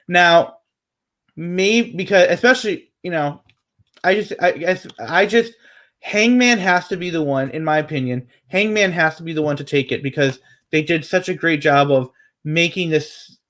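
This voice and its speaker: A man's voice: a little high, normal speed, a bit bright. A man co-hosting a casual wrestling predictions chat, rambling with many fillers and restarts.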